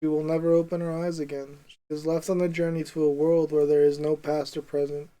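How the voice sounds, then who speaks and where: Man reading a story aloud, measured, occasional stumbles, even-toned, mellow. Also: on the high side, low-quality recording. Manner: measured reading with small slips and asides.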